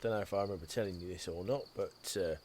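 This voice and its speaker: A man's voice: low voice, fast talker, a little mellow, a little hiss or hum, close to an everyday voice. A man voicing Jerry, a scruffy gerbil-like shantytown critter, folksy and persuasive.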